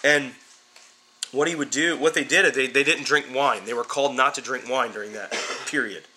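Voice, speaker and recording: A man teaches a Bible class in a medium-pitched voice that sounds pushed and bright, moving at a moderate pace. He is emphatic and informal, calling his students "guys" and repeating words as he builds each point.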